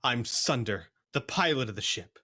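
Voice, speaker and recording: A man voicing a stubborn, proud young girl pilot who argues in an insistent, hushed way. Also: medium pitch, lively intonation, moderate pace, background noise, close to an everyday voice.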